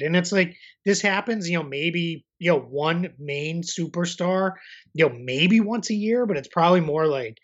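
A man chats casually on a sports podcast, rambling and easygoing as he circles his point. His voice sits a little high for a man. The audio is slightly dull and lo-fi. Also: moderate pace. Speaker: podcast co-host. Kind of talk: casual basketball podcast chat.

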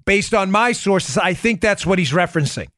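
A man's voice: high voice, expressive, normal speed, a bit bright, dry recording, clean studio sound. A man hosting a political commentary podcast, talking emphatically and combatively, often calling his listeners folks. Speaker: podcast host.

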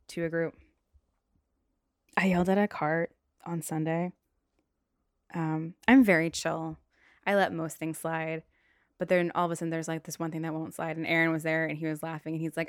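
A young woman hosting a casual solo podcast, blunt and profane, now and then flaring into shouty rants. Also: sits low, fairly even intonation, brisk, dry recording, clean studio sound. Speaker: podcast host. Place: bedroom.

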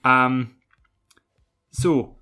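A man's voice: mid-range voice, steady tone, very slow, pushed and bright, smooth. A man with a Scottish accent, co-hosting a podcast and recapping a film in a rambling, jokey, sweary way. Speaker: podcast co-host. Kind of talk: casual film recap chat.

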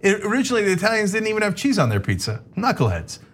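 A man with a somewhat high voice that swings widely in pitch, hosting a casual podcast chat. He tells his stories with animation, laughs often, and acts out other people's lines along the way. He sounds middle-aged and relaxed. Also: rapid-fire, a little hiss or hum. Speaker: podcast host.

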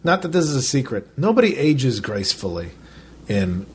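A man's voice: medium pitch, very animated, normal speed, slight background noise. A man co-hosting a podcast, telling a casual story with lots of "like", swearing freely and acting out other people's lines. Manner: loose and profane, lots of "like". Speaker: podcast co-host. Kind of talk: casual chat.

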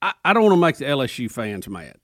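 A man's voice: mid-range voice, sing-song, quick pace, a bit bright, no echo, studio quality. A man from Alabama with a Southern country accent, co-hosting a sports talk show in a chatty way and chuckling often. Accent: Southern American country. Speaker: radio co-host.

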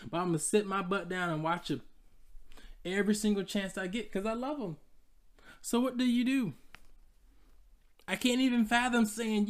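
A podcast host from Georgia, riffing in a casual solo monologue. The delivery is chatty and playful, with frequent laughter, and it is pitched right at the listeners. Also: expressive, normal speed, long pauses. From Georgia, USA.

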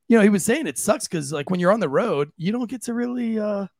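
Male podcast host, fairly high, gravelly and husky, dry close sound; laughs and swears through stories. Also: expressive, fast talker, a little mellow, dry recording. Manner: laughing, storytelling, swears freely. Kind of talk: casual chat.

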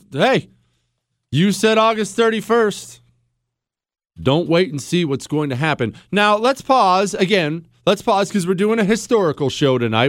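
A man hosts a talk radio show, mocking and sarcastic as he delivers his monologue. His pitch jumps high and low with theatrical swings. The voice is fairly high for a man and sits close and dry on the mic. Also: dry recording.

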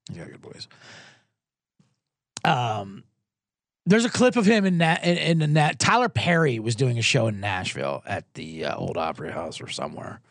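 A man's voice: medium pitch, sing-song, normal speed, no room sound, clean studio sound. A man hosting a sports betting show in loose, rambling, profane casual talk, reading out viewer comments as he goes.

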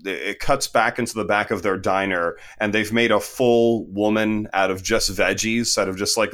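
A man co-hosting a casual film review chat, joking in a deadpan way. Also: lowish voice. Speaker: podcast co-host.

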